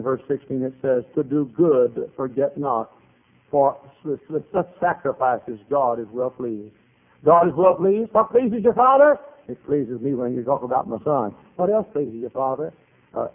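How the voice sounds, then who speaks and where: A man preaching a sermon as pastor, animated, dropping to quiet asides and rising to shouted retellings. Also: medium pitch. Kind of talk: revival-style sermon. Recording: tinny phone-like old sermon recording.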